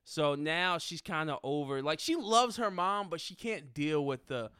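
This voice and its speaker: A young man co-hosting a casual podcast, his voice high and bright with lots of lift and fall. He swears freely and keeps breaking into loud laughter, talking at an unhurried pace. Faint music sits underneath. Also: lively intonation. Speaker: podcast co-host reviewing a film. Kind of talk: casual chat.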